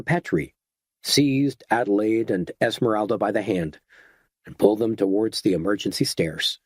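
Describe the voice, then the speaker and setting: A man giving a steady, dramatic scripted narration of a horror audiobook. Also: fairly low pitch, normal speed, slightly rough, no echo.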